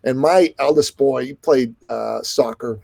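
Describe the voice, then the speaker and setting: A middle-aged business coach and podcast host, appearing as a guest in an interview, tells stories fast and animatedly, acting out the people in them with quoted dialogue. His voice is medium-pitched and creaky.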